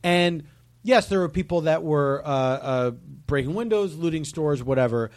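A man's voice: fairly high pitch, normal speed. A man talking as a podcast guest, emphatic and indignant, saying "like" often. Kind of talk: casual podcast chat.

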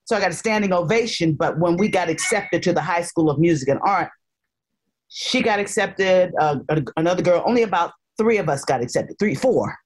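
An actress from North Carolina, raised in Harlem, New York, tells stories as a guest in a casual interview, animated and playful as she puts on voices. Her low female voice runs a little fast.

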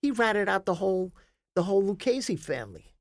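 A man's voice: high voice, big pitch swings, brisk, no room sound, studio quality. A man telling his story as an interview guest, rambling and emphatic, with frequent swearing. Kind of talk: storytelling in a conversation.

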